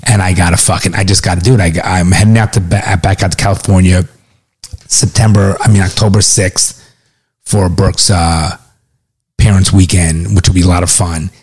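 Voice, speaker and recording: A middle-aged man co-hosting a casual chat, telling stories in a profane, animated way. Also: low voice, normal speed, slightly rough.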